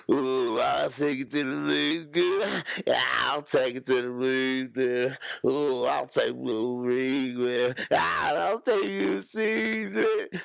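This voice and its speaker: A man's voice: mid-range voice, vocal fry, a little mellow, clear, resonant tone, no echo. A man putting on an auto-tuned, swaggering rapper voice, crooning crude boasts in long sung lines with moans. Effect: auto-tune.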